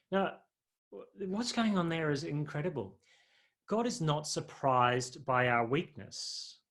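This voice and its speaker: A man's voice: on the high side, fairly bright tone. A man preaching a sermon in a conversational, humorous way, often putting questions to his listeners.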